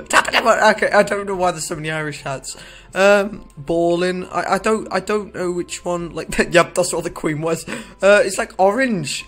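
A man talks through a video game in a loose, rambling way, cracking jokes and breaking off his own sentences. His voice sits a little high for a man, with faint music in the background. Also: fairly bright tone. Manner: rambling, jokey, self-interrupting. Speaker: gaming video creator. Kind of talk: casual gameplay commentary.

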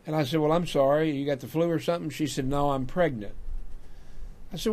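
An older man, hosting a talk show and telling a folksy personal story, growing animated when he quotes himself. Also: fairly high pitch, normal speed, long pauses. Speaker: radio talk show host. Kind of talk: storytelling monologue.

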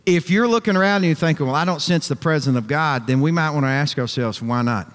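High-pitched emphatic preacher man. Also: fast, in a large hall. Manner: emphatic, rhetorical questions, folksy asides. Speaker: pastor. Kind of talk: sermon. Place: church sanctuary.

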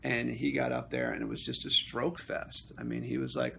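Man, gravelly voice, animated storytelling, casual vlog recap, lively pitch. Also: normal speed, few pauses, a little hiss or hum. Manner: animated storytelling, acting out quotes. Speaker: actor and union member.

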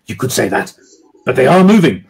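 A man voicing a tipsy, flustered village police sergeant who shouts in a high, panicky voice. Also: big pitch swings, fairly quick, creaky, slightly rough, exaggerated voice. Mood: insistent.

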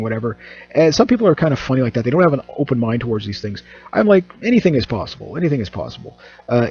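Man, husky voice, rambling casual host, lots of ums and restarts, dull lo-fi recording. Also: medium pitch, mellow. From Canada. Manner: rambling, joking, many fillers and restarts. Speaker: channel host. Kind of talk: casual monologue.

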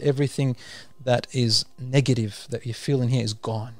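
A male preacher giving a sermon, telling vivid stories with animated rhetorical questions. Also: mid-range voice, moderate pace, no room sound, soft background music. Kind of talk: sermon storytelling.

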